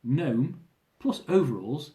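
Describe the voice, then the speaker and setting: A man reading his own travel memoir aloud in a lively, amused storytelling manner, often chuckling. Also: mid-range voice, slow pace, reverberant.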